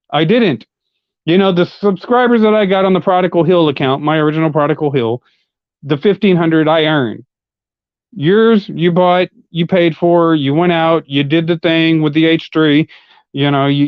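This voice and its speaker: A combative man ranting on a livestream, swearing constantly and mocking as he argues. His voice sits a little high for a man. The audio is muffled and lo-fi, with a dry, close sound and no room echo. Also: clear, resonant tone. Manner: combative, heavily profane; argumentative, mocking. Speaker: livestream commentator. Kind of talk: live-stream rant.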